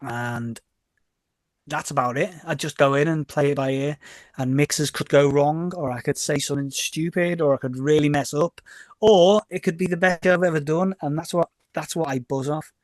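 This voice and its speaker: In a dry recording, a middle-aged man from Liverpool, England speaks at normal speed in a slightly high voice with a Scouse accent. A DJ and label owner appearing as a podcast guest, he rambles through stories in a casual interview, self-correcting, repeating words and acting out quoted exchanges with gusto.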